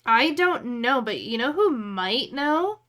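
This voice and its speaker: A woman's voice: on the high side, very animated, slow pace, fairly bright tone. A woman chatting casually on a live stream, rambling and thinking aloud as she works.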